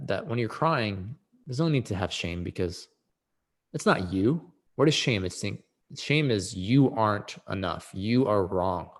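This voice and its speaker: A man speaking as a podcast guest, explaining emotional healing in an earnest, explanatory way, rising sharply for emphasis. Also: sits low. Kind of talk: reflective conversation on emotional healing.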